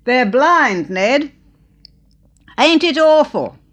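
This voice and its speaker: A woman voicing a fussy, nosy elderly woman who shouts her pity at strangers on a train. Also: sits high, big pitch swings, extremely slow, pitched above the performer's own voice, exaggerated voice. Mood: shouting. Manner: shouting, exclaiming.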